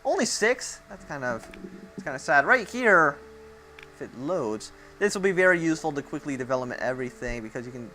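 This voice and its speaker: A man's voice: mid-range voice, animated, brisk, sharp tone. A young man giving a casual, rambling walkthrough of a strategy game, thinking aloud and making self-mocking asides. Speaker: gameplay commentator.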